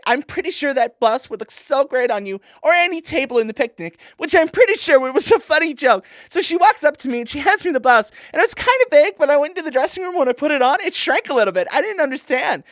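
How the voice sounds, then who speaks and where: A woman's voice: sits high, a bit bright, no room sound, clean studio sound. A woman playing a vapid, self-absorbed young woman shopper in a comic monologue, gushing in an airheaded valley-girl way. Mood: hushed.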